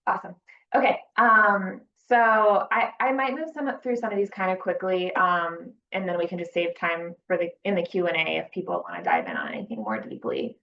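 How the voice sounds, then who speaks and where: A nonprofit director presents on a video call in a plain, organized manner. Her voice is fairly low, expressive and at normal speed, picked up by a computer mic with dull, lo-fi call audio.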